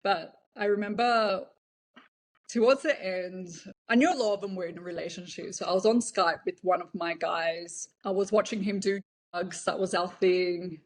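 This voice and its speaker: A woman's voice: fairly low pitch, fairly even intonation, normal speed. A woman guest in an interview, speaking frankly about her past work, with fillers and an occasional laugh. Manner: frank, laughs now and then, hesitant fillers. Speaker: interview guest, former cam model. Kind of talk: candid conversational storytelling.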